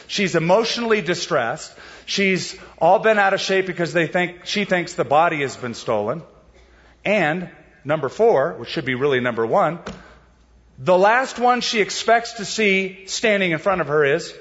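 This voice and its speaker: Preacher with a slightly high voice in a reverberant hall. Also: male voice, a bit bright, dull audio. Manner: conversational, explanatory preaching with rhetorical questions. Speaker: pastor. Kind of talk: sermon.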